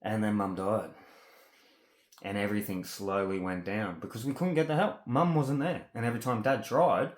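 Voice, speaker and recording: Agitated Australian man ranting, echoey room. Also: on the low side. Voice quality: halting speech, stuck on words. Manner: agitated, rambling, swearing. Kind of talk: ranting personal monologue.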